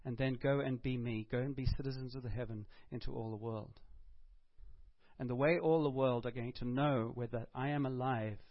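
A man preaching a sermon to a congregation in a church hall, conversational and animated, bantering with the crowd. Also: medium pitch, moderate pace, muffled recording. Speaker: pastor.

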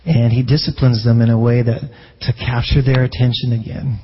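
A man's voice: mid-range voice, level tone, a little fast, lo-fi sound, a little hiss or hum. A man preaching a sermon as a pastor in a conversational way, often restarting phrases and asking rhetorical questions.

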